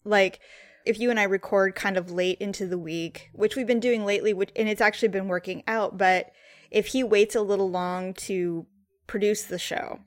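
Husky-voiced middle-aged woman chatting. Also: mid-range voice, steady tone, moderate pace, no echo. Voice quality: husky morning voice. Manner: chatty and rambling, laughs often. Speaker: podcast co-host. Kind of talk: casual chat.

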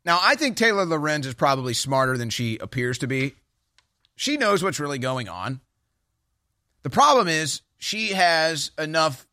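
A male talk host with a bright, forceful tone, talking fast and sarcastically. The sound is dry and close, with a slightly high voice. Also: dry recording. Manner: mocking, sarcastic mimicry. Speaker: political talk show host. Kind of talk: opinionated commentary.

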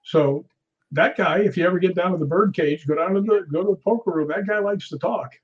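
A man tells his ghost-hunting stories with animated, anecdotal energy. His voice is husky and a little high. The recording sounds dull and lo-fi. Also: a little fast. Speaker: guest ghost hunter. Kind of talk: casual storytelling in conversation.

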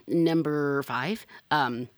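Young woman podcasting, sassy and fired up, deep voice, dry close mic. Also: drawn-out words, dry recording. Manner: sassy, animated, jumps to high exclamations. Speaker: podcast host. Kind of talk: casual chat.

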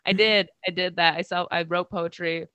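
A woman talks casually as a podcast guest, poking fun at herself and breaking into laughter mid-sentence. Her voice is bright and forward, and the sound is dry and close with no room around it. She wanders and restarts her thoughts in a loose, chatty way. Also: lowish voice, steady tone, moderate pace, clear, resonant tone, dry recording. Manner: self-deprecating, laughs through her words, rambling restarts. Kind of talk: casual interview chat.

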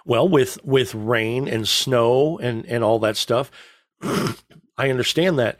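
A middle-aged man telling stories in casual chat as a podcast co-host, rambling and joking with a deadpan delivery. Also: mid-range voice, slow pace, dry recording, clean studio sound.

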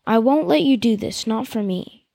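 A woman voicing a gentle male illager, quiet and resolute. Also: fairly high pitch, lively intonation, normal speed, creaky, dry recording, clean studio sound.

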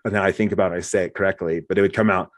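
A man's voice: low-pitched, racing, no echo, studio quality. A man talking casually as host, telling stories and acting out what people said. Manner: animated storyteller, acts out quotes. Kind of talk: casual conversation.

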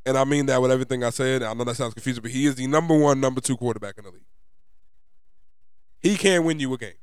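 A man's voice: mid-range voice, quick pace, smooth, no room sound, studio quality. Ranting young man with a New York accent. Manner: frustrated, profane, emphatic ranting. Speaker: sports fan vlogger. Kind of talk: ranting fan commentary.

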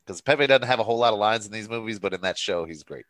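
Low male co-host, halting speech, dry recording. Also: expressive, a bit bright, dry recording. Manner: halting, restarts, searches for names. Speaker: podcast co-host. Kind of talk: casual movie review chat.

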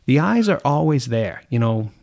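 A man's voice: mid-range voice, big pitch swings, normal speed, creaky, darkish tone. A man who runs a golf course crew, talking bluntly in casual chat, swearing freely and acting out what he says to his workers.

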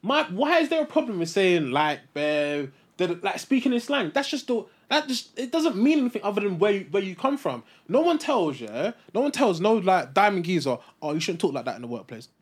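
A man's voice: high-pitched, sing-song, moderate pace, few pauses. A young man, co-hosting a casual podcast debate and pressing his points with repetition. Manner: emphatic, repeats himself when pressing a point. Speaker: podcast co-host.

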